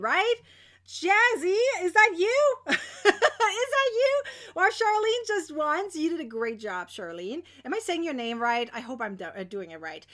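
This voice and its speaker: A young woman hosting a crochet giveaway in casual livestream chat, bubbly and squealing with excitement. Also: high-pitched.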